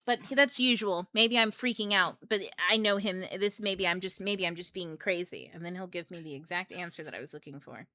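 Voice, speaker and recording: A woman's voice: fairly low pitch, brisk, few pauses, sharp tone. A young adult woman hosting a book club, talking casually and reflectively, laughing often and acting out her own thoughts.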